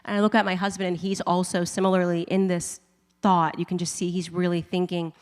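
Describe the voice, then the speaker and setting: In a large event hall, an adult woman with a husband and kids gives a humorous conversion testimony to a live audience, laughing often and acting out her own thoughts. Her voice is lowish, with a flat, brisk delivery and clean tone. Long hall reverb from the live event surrounds it.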